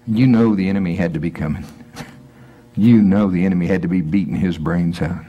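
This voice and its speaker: A man with a low-pitched voice delivers a Sunday-style sermon in a church. He reads the old scripture in a measured way, then explains it in loose, conversational asides with a light flavor, often mimicking the people in the story in a raised voice. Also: fairly even intonation, mellow. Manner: conversational, acts out voices, breaks into laughter. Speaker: preacher.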